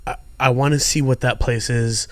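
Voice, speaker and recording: A man's voice: mid-range voice, moderate pace, dry recording. A man, a comedian guest, telling stories in casual podcast chat and swearing freely. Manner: animated storyteller who swears freely.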